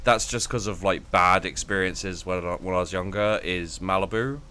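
A man's voice: low voice, normal speed, sharp tone, a little hiss or hum. A young man chatting casually while playing a game, rambling and stumbling over his words. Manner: rambling, hesitant, stammering restarts. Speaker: gaming streamer. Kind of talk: casual gaming chat.

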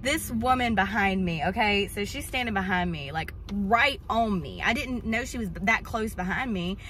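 A woman telling a story casually to the camera in a vlog, chatty and animated, apparently in a car. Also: medium pitch, normal speed, a little hiss or hum. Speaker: vlog co-host.

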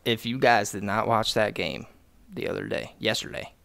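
A man's voice: lowish voice, moderate pace, vocal fry, a bit bright. A young man hosting a podcast, chatting casually and jokingly with plenty of swearing and fillers. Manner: loose, joking, profane, lots of fillers. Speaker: podcast host. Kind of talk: casual chat.

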